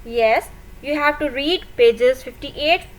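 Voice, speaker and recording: A woman's voice: sits high, takes it slowly, poor audio. A woman teacher with a Pakistani English accent, patiently counting out syllables in a recorded lesson for young pupils. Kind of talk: recorded online class lesson.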